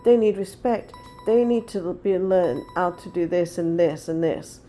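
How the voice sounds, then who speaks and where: A woman's voice: lowish voice, measured pace, hardly any pauses, dark tone, faint music behind. A woman in her forties chatting casually to her viewers, blunt and rambling as she tells stories. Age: 40s. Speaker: vlogger. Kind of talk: casual chat.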